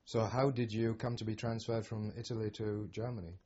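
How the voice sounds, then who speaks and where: Male interviewer, husky voice, brief probing questions, dull lo-fi recording. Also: lowish voice, level tone, fairly quick, mellow. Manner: short, probing follow-up questions. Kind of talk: oral history interview.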